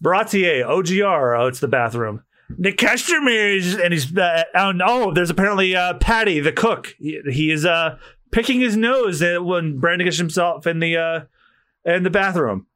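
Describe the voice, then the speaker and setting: A man's voice: sits high, moderate pace, pushed and bright. A man hosting a podcast, reading comic pages aloud, acting out lines and swearing casually. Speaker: podcast host. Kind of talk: casual read-along of a comic.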